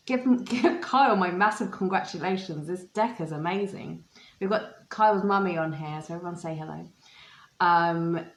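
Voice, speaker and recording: A woman's voice: fairly low pitch, echoey room, rough recording. A woman hosting a live oracle card unboxing, gushing and spiritual, greeting viewers by name. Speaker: oracle card reader and livestream host.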